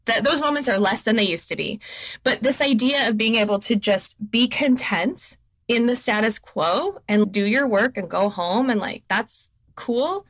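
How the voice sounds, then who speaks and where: A woman's voice: fairly high pitch, normal speed, fairly bright tone, no echo. A middle-aged woman talking candidly and with animation as a therapist guest on a podcast, laughing often. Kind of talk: podcast interview conversation.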